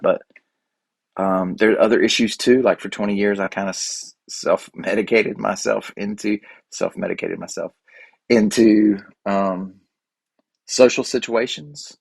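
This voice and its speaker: A man hosting a solo podcast, talking in a rambling, halting way with many restarts. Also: fairly low pitch, gravelly, no echo. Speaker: podcast host. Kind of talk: casual solo podcast monologue.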